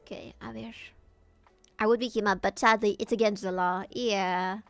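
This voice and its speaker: A woman's voice: medium pitch, steady tone, moderate pace, no room sound, soft background music. A woman streamer chatting casually and jokily while she sketches, thinking aloud as she goes. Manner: playful, jokey, thinking aloud.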